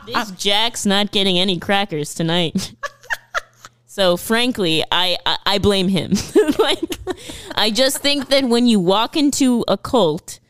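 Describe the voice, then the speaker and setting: A woman's voice: medium pitch, expressive, takes it slowly, fairly bright tone, smooth, no room sound. A woman co-hosting a film podcast in casual chat, talking freely with plenty of swearing and "like". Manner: chatty, swears freely, leans on filler "like". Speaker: podcast co-host.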